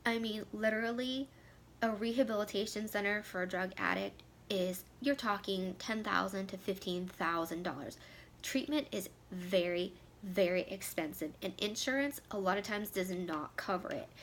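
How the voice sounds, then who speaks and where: A woman's voice: mid-range voice, fairly bright tone, a little hiss or hum. A woman in her thirties talking candidly to camera, emotional and tearful, her voice sometimes sinking to a near whisper. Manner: emotional, heartfelt, voice dropping to a near whisper at times. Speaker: vlogger. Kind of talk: candid personal talk to camera.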